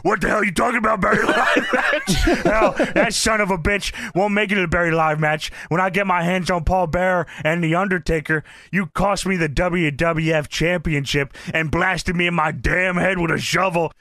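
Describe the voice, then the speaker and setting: A man voicing a foul-mouthed, hot-tempered wrestler who curses gruffly. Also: high voice, steady tone, normal speed, hardly any pauses, sharp tone, dry recording, clean studio sound, voice pushed down. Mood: furious. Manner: gruff, cursing, angry.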